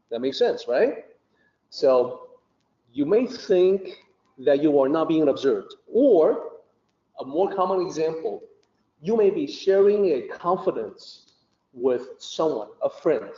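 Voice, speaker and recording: A man's voice: fairly high pitch, mellow. A man teaching Taoist philosophy in a patient, conversational way, with many fillers. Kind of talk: explanatory podcast talk. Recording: muffled and roomy.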